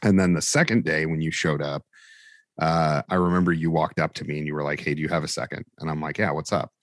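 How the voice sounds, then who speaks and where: A man's voice: very deep voice, steady tone, fast, dry recording. A man, a fire training instructor, telling a story in a casual interview and acting out the quoted dialogue with animation.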